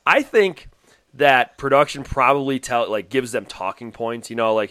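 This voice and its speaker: A man's voice: medium pitch, big pitch swings, fairly quick, clear, resonant tone, no room sound. Laughing man co-hosting a chat show. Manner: laughing often, trailing off quietly. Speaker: podcast co-host. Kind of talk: casual chat.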